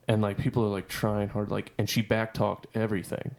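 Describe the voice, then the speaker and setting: A man's voice: fairly low pitch, level tone, moderate pace, vocal fry, darkish tone. A man in his twenties, a podcast co-host, telling a story in casual, profane, rambling chat.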